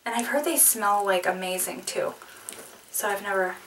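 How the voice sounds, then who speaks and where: A woman beauty vlogger in casual chat, opening a package, giggly, excitable and apologetic. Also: mid-range voice, moderate pace, recorded from a distance, a little hiss or hum, low-quality recording.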